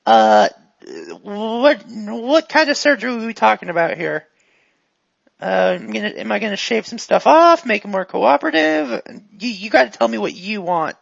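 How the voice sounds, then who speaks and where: A woman voicing a brusque, casually menacing tattoo artist in a tabletop game, with a gravelly voice. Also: mid-range voice, very animated, normal speed, no room sound, exaggerated voice. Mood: businesslike. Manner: gruff, blunt, casually menacing. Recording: dull, lo-fi dry mic.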